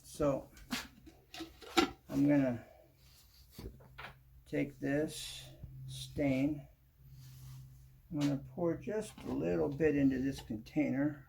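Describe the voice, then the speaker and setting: A man's voice: a little high, slow, creaky, pauses often, a little hiss or hum. A man hosting a home improvement how-to, talking casually as he works and often saying "kinda". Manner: relaxed, talks while working, repeats "kinda" often. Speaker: home improvement show host.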